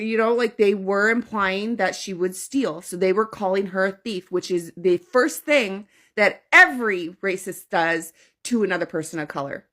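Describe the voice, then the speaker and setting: A woman talks straight to camera in a loose, heated rant. She swears freely, circles back to her points and keeps checking in with "okay?". Her voice sits in a middle pitch. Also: expressive, normal speed, fairly bright tone. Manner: blunt, profane, repeats points with "okay?". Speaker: social media commentator.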